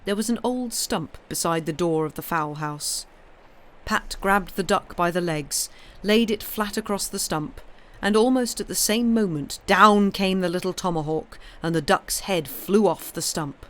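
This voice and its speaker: Expressive woman reading a story aloud. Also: fairly low pitch, measured pace. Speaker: story reader.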